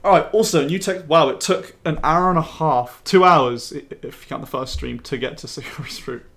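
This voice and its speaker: A man's voice: fairly high pitch, normal speed, a bit bright. A man giving casual live-stream commentary on a game he helped make, rambling and offhand, with the odd swear word. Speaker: game developer commenting on his mod. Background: faint game music.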